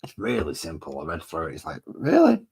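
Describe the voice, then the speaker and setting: Low husky-voiced man. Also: fast talker, fairly bright tone, poor audio. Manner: chatty, self-deprecating, thinking aloud. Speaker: miniature painting hobbyist host. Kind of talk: casual rambling chat while painting.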